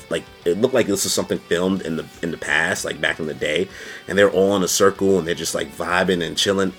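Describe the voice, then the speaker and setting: A man giving a casual video review, talking in an animated, slangy way. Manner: animated, slangy, jumps into high-pitched quoted voices. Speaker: YouTube reviewer.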